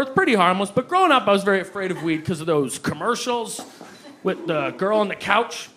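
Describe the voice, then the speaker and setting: High-voiced young male stand-up comic. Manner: animated, jumps into high-pitched acted voices for quoted people. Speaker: stand-up comedian. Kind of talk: stand-up comedy set. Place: comedy club stage before a live audience. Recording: live club recording with loud crowd and noise. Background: audience laughter.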